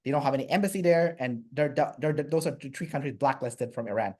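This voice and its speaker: A man's voice: medium pitch, fast, darkish tone. A man from Canada, a guest in a casual interview, telling a travel story with many fillers and restarts.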